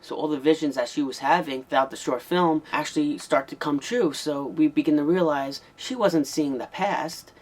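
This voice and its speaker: A man's voice: on the high side, normal speed, few pauses, a little mellow. A man giving a casual, rambling spoken review of an old horror tape, with frequent ums and restarts. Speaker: VHS movie reviewer.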